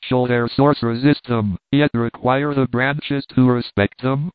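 An earnest, loyal soldier reasons gently but firmly, as a male narrator voices him. The sound is narrow and phone-like, with no reverb. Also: mid-range voice, fairly even intonation, measured pace, smooth, natural voice. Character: loyal soldier Miles Hendon, earnest and persuasive. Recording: tinny phone-like line, dry.

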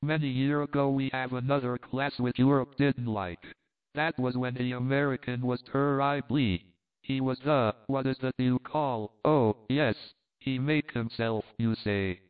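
Guy reading as a teasing countess, smooth voice, thin phone-like sound. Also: mid-range voice, fairly even intonation, a little slow, lightly acted. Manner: teasing, broken English. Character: flirtatious Italian countess, woman, coquettish.

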